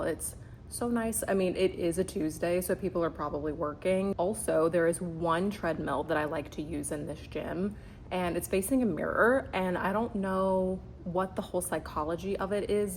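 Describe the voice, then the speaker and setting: Young woman, 20s, chatty lifestyle vlogger, slightly low voice, roomy gym echo. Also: slight background noise. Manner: chatty, bubbly, lots of "like" and "um". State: out of breath. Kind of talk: casual vlog chat.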